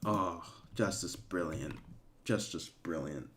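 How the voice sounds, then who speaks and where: A man giving casual live commentary during a watch-along stream, excitable and emotional, breaking into shouts at big moments. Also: sits low, slow pace, slight background noise. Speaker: fan streamer commentating a match.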